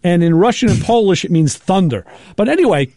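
Animated man telling rambling stories. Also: high voice, a little fast, no echo, clean studio sound. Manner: rambling, animated anecdotes with acted-out quotes. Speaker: show host. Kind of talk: casual storytelling chat.

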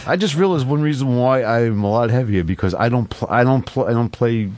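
A man's voice: medium pitch, fairly quick, dry recording. A man with a New York accent co-hosting a radio talk show in a studio on a headset, joking around. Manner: jokey, animated. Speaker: radio co-host. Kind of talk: casual radio chat.

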